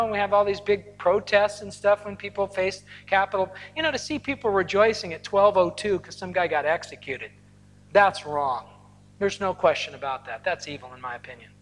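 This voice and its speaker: A man delivers a sermon to a congregation, mixing teaching with personal stories and playful asides. His voice rings out through a large hall with a long reverb tail. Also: high voice. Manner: storytelling, animated asides with laughter. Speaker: pastor. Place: large hall or church auditorium.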